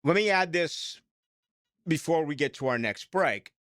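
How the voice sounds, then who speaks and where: Animated Boston sports radio host. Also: male voice, a little high, measured pace, dry recording, studio quality. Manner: animated, rambling, self-mocking. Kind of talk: late-night sports talk radio.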